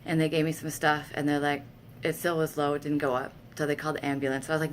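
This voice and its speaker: Quick-paced with few pauses, a low-pitched woman's voice carries this casual storytelling to camera, with slight background noise. The vlogger is candid and self-deprecating about her personal life and gets animated quoting herself.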